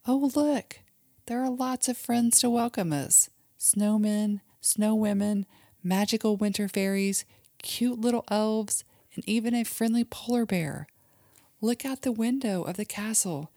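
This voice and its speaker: Woman, mother hosting a kids' relaxation show, lowish voice, gentle and soothing, soft whispers, dry close recording. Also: no room sound. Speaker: host and mother leading guided relaxation for kids. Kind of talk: guided imagery for children.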